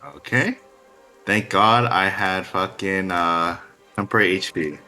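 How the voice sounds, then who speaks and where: Man, low bright voice, tabletop player, hesitant, swears, faint music behind. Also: a little slow. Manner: hesitant, swearing, self-correcting. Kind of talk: tabletop game play.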